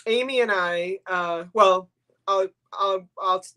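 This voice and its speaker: A woman's voice: medium pitch, takes it slowly, sharp tone. An older woman hosting a live stream in casual chat, rambling and emotional, sniffly from crying. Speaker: livestream host.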